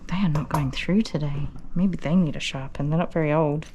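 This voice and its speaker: A fairly low-voiced woman grooms a puppy on camera in a relaxed vlog. She talks viewers through each step in an easygoing, explanatory way and drops into gentle, soothing words for the dog. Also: brisk, slight background noise. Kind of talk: casual vlog narration while working.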